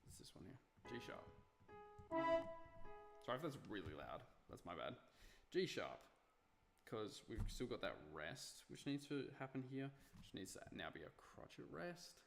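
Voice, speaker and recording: A man's voice: lowish voice, sing-song, normal speed, gravelly, long pauses, soft background music. A young man streaming himself at work, muttering notes to himself with self-mocking asides. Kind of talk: casual live-stream talk while working.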